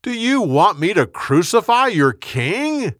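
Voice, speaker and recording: A man voicing a weary Roman governor in a Bible story reading, speaking in a measured, questioning way. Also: high voice, very animated, a bit bright, no echo, studio quality, pitched above the performer's own voice, exaggerated voice. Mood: pleading.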